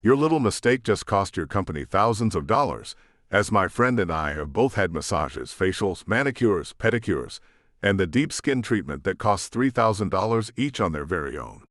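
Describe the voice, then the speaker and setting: An entitled woman shrieks and scolds, as a male narrator does her voice. She sounds haughty and furious, her pitch leaping around. The reading is close and dry, audiobook style. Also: very animated, moderate pace, a bit bright, dry recording. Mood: indignant. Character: shrill entitled woman throwing a tantrum.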